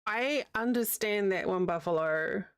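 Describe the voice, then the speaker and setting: A woman's voice: medium pitch, a little slow, smooth, no room sound, studio quality. A young woman with a New Zealand accent, chatting casually with her livestream audience while she crochets, rambling and answering chat as she goes. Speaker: streamer.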